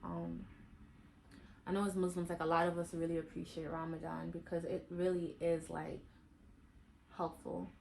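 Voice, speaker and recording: Young woman vlogger, lowish voice, candid and slangy, faint hiss behind her. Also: moderate pace, creaky, long pauses. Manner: candid, animated, slangy, with bursts of high-pitched emphasis. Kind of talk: casual chat while getting ready.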